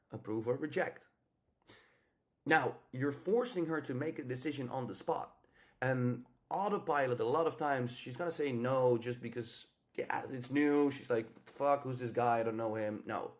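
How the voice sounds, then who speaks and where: A man coaching on dating in a casual, blunt monologue, swearing freely and acting out example lines. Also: mid-range voice.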